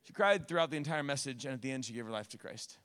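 A man preaching as a pastor, telling stories in his sermon with animated delivery and joking asides. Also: mid-range voice, fast, in a large hall. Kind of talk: storytelling sermon.

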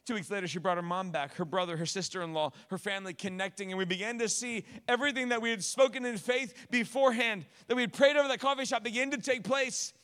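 A male pastor tells a story from the pulpit with a high, bright, forceful voice. His delivery is animated and slips in wry joking asides. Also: fast talker, few pauses, long reverb tail. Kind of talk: storytelling sermon.

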